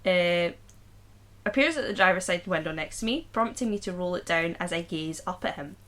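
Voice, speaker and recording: A woman's voice: lowish voice, expressive, moderate pace, fairly bright tone. A woman co-hosting a podcast, reading a story aloud and breaking off to joke and laugh with her co-host. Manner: reads aloud then breaks off joking and laughing. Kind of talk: casual chat with story reading.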